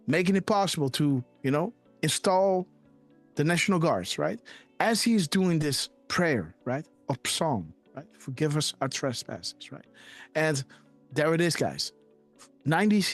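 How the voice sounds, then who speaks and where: Animated man hosting a decode show. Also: a little high. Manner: animated, repeats "right?" and "guys". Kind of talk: conspiracy decode commentary.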